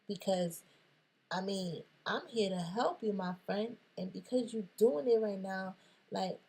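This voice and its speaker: A woman talking playfully in a motivational monologue, animated, jumping between whispers and sudden squeals. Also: mid-range voice, creaky, breathy edge. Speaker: motivational vlogger.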